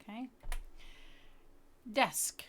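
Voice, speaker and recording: A woman teaching a lesson for educators and parents, explaining patiently and sounding out words slowly. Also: a bit bright, a little hiss or hum. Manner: patient, explanatory, checks in with "okay?". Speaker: literacy teacher. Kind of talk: instructional video lesson.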